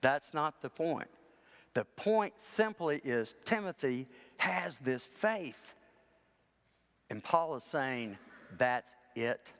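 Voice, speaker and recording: A man's voice: mid-range voice, animated, slow. A man preaching a chatty sermon, full of self-deprecating humor and acting out people in his stories. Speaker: pastor. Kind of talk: conversational sermon with storytelling. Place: large church sanctuary. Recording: church with long reverb.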